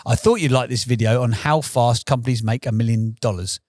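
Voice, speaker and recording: A man co-hosting a business podcast, joking around and chatting in a quick, animated way. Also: medium pitch, dry recording, studio quality. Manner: jokey, animated, quick-fire. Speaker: podcast co-host. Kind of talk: casual podcast banter.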